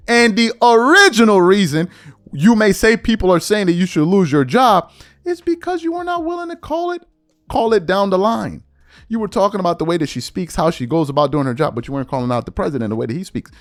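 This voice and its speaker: A man's voice: sits high, expressive, quick pace, no room sound. A man hosting an opinion commentary show, talking in an emphatic, slangy way and sometimes mocking others. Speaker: commentary host.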